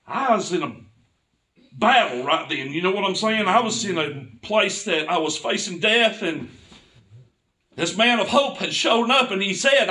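Brief: man preaching a testimony, fervent, higher pitch, bright timbre, a bit off mic. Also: lively intonation, measured pace, long pauses, far from the mic. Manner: impassioned storytelling, building to fervent cries. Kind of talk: sermon testimony.

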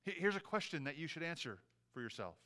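Male pastor, earnest preacher, bright crisp voice, moves between emphatic and hushed. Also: fairly high pitch, sing-song, fast talker. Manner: earnest preaching, rising to emphatic peaks, dropping to hushed quiet. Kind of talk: sermon.

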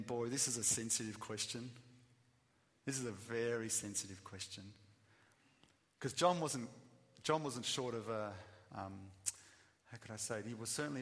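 A man giving a sermon, emphatic, swinging between loud bursts and quiet asides. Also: medium pitch. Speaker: preacher. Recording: long reverb of a hall.

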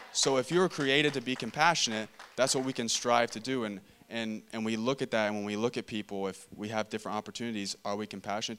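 A man's voice: lowish voice, fairly bright tone, slight background noise. A man giving a casual sermon, reading scripture aloud and talking it through conversationally, often repeating and restarting phrases. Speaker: preacher. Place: church meeting room.

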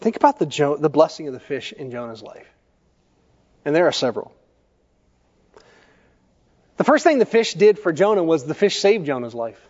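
A male pastor preaching a sermon, telling stories in a measured way and putting questions to the congregation. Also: on the high side, sing-song, darkish tone. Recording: echoey church hall, dull lo-fi sound.

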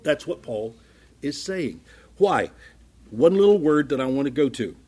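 A man with a husky, slightly rough voice preaches a sermon to his congregation. He talks in a conversational way, acts out little exchanges, and builds to fervent, rising emphasis. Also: medium pitch, lively intonation, measured pace. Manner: conversational, acts out small dialogues, grows louder and more fervent. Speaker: pastor.

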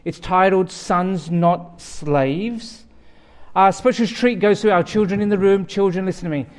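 A man with an Australian accent delivers a sermon as a guest pastor. His voice sits fairly high for a man, and he keeps it conversational, slipping in jokes as he goes. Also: a little slow. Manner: joking, conversational preaching.

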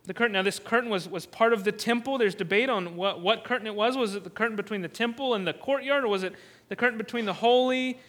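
A man preaching a sermon, earnest, often repeating words as he restarts and rising to loud cries on key points. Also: sits high, fast. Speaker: pastor.

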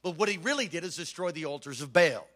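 Give me a pastor preaching with fervor, a bright, sharp voice that climbs high. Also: male voice, animated, quick pace. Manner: emphatic, fervent preaching with rising bursts. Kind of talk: sermon.

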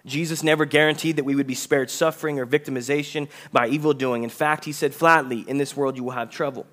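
A male pastor preaching a conversational sermon, reading scripture aloud, asking the congregation questions and slowing down for emphasis. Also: mid-range voice, fairly even intonation, a bit bright.

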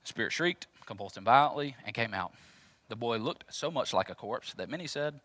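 A man's voice: medium pitch, expressive, brisk, pushed and bright, dry recording. A man pastor preaching a sermon in an emphatic, repetitive, conversational way.

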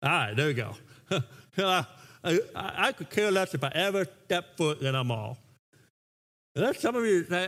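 High, animated male pastor preaching. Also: moderate pace. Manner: animated, stammering restarts. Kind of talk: sermon.

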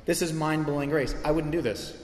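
Male pastor, mid-high voice, fervent emphatic sermon delivery, church hall reverb. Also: steady tone, fairly quick, a little mellow. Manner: earnest, impassioned preaching with emphatic swells. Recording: echoey hall with long reverb.

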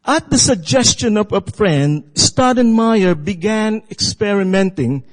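A man preaching a sermon, telling a story with halting phrasing and calling for amens. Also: high-pitched, in a large hall, low-quality recording.

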